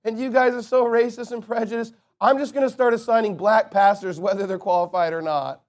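A groveling male pastor, apologizing over and over in a sarcastic whine, as a preacher mocks him. The voice sits high and runs slow and drawn out. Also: fairly even intonation, natural voice. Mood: mocking.

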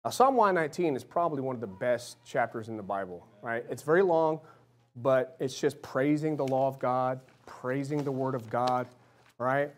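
With lively intonation at a normal speed, a man in his thirties preaches a relaxed, conversational sermon. He frequently asks "right?" and "amen?", occasionally acting out small voices or dropping soft and low.

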